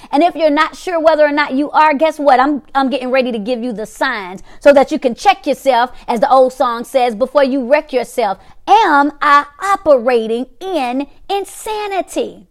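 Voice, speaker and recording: A middle-aged woman hosting a weekly talk, teaching in an emphatic, repetitive motivational way and acting out reactions. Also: high voice. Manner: emphatic, repeats phrases, acts out reactions.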